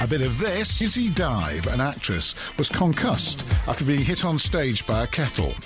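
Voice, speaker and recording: A man presenting a recorded radio station promo with a jokey, lively read, over a music bed. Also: medium pitch, normal speed, few pauses.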